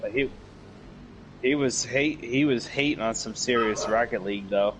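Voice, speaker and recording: A man's voice: mid-range voice, moderate pace, poor audio. Profane rambling man on a gaming stream. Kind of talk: casual chat.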